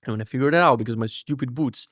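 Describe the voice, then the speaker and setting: A young podcast host tells a story casually in a medium-pitched, rapid-fire voice, swearing a lot and animatedly acting out voices for laughs. The studio recording is clean, with no room sound.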